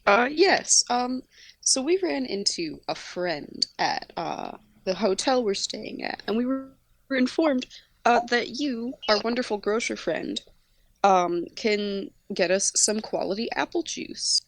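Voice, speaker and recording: A woman player speaking in character during a tabletop game, with playful, deadpan replies. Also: fairly high pitch, unhurried, no room sound, low-quality recording.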